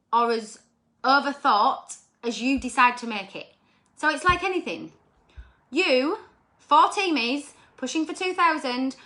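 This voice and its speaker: A woman giving an energetic motivational talk to her sales team, repeating points and checking in with "okay?". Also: on the high side.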